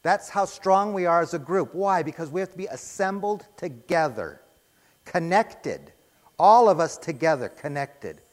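A high-voiced male preacher delivers an emphatic sermon, firing off rhetorical questions and answering them himself. His voice rings out with a long reverb tail through the church sanctuary. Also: lively intonation, measured pace.

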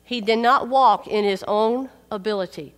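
A woman's voice: medium pitch, moderate pace. A woman preaching a sermon, emphatic and repeating key phrases for weight. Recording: long hall reverb.

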